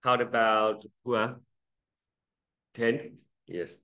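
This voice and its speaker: A man's voice: mid-range voice, very slow, bright, forceful tone, lo-fi sound. A man teaching English pronunciation to a class, patiently drilling vowel sounds and calling on students. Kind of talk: classroom lesson.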